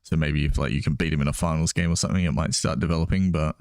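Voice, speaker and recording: A man's voice: very deep voice, fairly even intonation, rapid-fire, darkish tone, dry recording, studio quality. A man chatting casually as a podcast co-host while watching a football game, laughing often and restarting his sentences.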